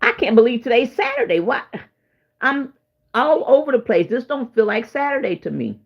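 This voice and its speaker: A woman with a fairly high, husky voice full of big pitch swings and vocal fry hosts a casual livestream. Sleepless the night before, she talks to viewers in a rambling, emotional way at a moderate pace. The stream audio is dull and lo-fi.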